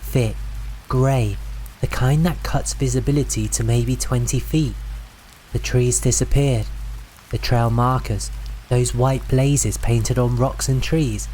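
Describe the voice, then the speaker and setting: A man narrating a true wilderness horror story in a slow, suspenseful scripted delivery. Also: medium pitch, steady tone, warm tone, slight background noise, poor audio. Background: faint rain sounds.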